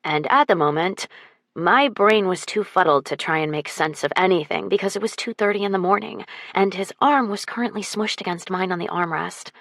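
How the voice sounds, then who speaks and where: Expressive woman narrating a romance audiobook. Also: lowish voice, no room sound, studio quality. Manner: expressive, wry.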